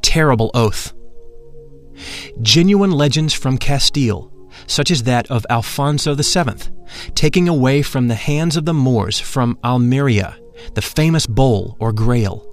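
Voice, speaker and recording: A man reading a first-person story aloud in a measured, reverent way. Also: mid-range voice. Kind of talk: scripted narration. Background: faint music.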